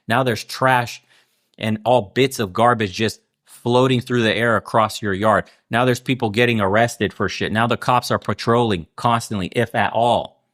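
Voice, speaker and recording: A man's voice: medium pitch, a bit bright, no room sound. Sarcastic man ranting, dry close sound. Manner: heated, sarcastic and profane, with rhetorical questions. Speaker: channel host. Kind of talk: political commentary rant.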